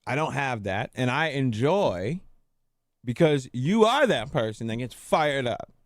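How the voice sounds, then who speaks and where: A man's voice: medium pitch, big pitch swings, unhurried, no echo, clean studio sound. A man hosting a livestream who argues in a casual, heated way and keeps repeating and quoting what the other person said. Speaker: livestream host.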